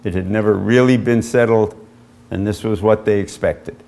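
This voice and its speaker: A man, an author, giving an illustrated history lecture with measured storytelling and frequent pauses as he points to slides. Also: lowish voice, steady tone, gravelly, warm tone. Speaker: author giving a book talk.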